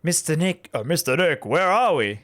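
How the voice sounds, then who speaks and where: A man's voice: fairly high pitch, lively intonation, normal speed, a bit bright, a little hiss or hum. Laughing, rambling male streamer. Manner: rambling, laughing, talks to chat. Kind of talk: live game stream commentary. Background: game music.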